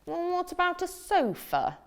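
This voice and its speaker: A woman voicing a fussy frog in a picture book, complaining in a high, pleading voice. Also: sing-song, measured pace, creaky, full character voice. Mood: whiny. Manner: whiny and pleading.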